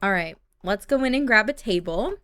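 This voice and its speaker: A woman's voice: mid-range voice, expressive, moderate pace, fairly bright tone, smooth, no room sound. A young woman narrating her gameplay in a chatty, playful way. Her voice sits in the middle range. The sound is dry and close to the mic. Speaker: gameplay video host. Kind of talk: casual gameplay commentary.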